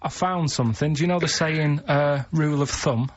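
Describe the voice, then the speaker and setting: A man with a Manchester accent, a radio co-host who rambles deadpan through odd stories. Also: fairly high pitch, moderate pace, dull audio, background noise.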